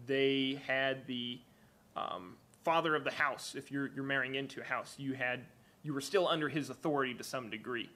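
Bright-voiced man preaching, halting. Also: a little high. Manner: hesitant, many fillers and restarts. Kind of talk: church sermon with Bible reading.

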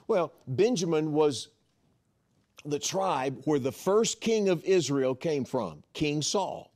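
A middle-aged man preaching a sermon, with folksy asides and lively emphasis. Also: on the high side. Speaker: pastor.

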